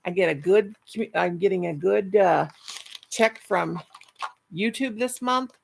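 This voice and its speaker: A woman's voice: mid-range voice, slow, gravelly, a little hiss or hum. A middle-aged woman hosting a casual live stream, reading chat and rambling fondly with many restarts. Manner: chatty, affectionate, rambling with restarts.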